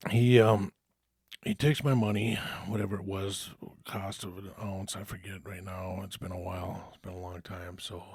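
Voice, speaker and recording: A man with a fairly low voice tells a story from his own life in loose, casual talk. He swears often and keeps restarting sentences with plenty of ums and uhs. The recording is dry, with no room sound. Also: a little mellow, dry recording. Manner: rambling, profane, many fillers and restarts. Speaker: storyteller recounting his past.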